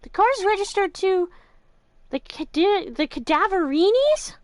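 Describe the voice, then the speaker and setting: A woman voicing a bubbly, excitable young female assistant, chirpy and eager. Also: extremely high pitch, unhurried, voice pushed up, heavily acted.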